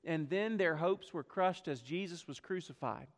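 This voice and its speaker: Male pastor, high voice, earnest sermon delivery, reverberant sanctuary. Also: normal speed. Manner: earnest, swells and drops, rhetorical questions. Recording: long hall reverb.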